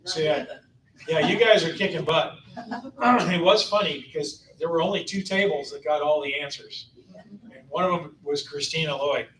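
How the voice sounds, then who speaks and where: A man's voice: fairly high pitch, normal speed, fairly bright tone. A man in his fifties hosting a travel club meeting, announcing upcoming trips in a jokey, upbeat way and laughing between items. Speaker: tour company host. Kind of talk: casual club presentation. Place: meeting room. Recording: echoey room from far off.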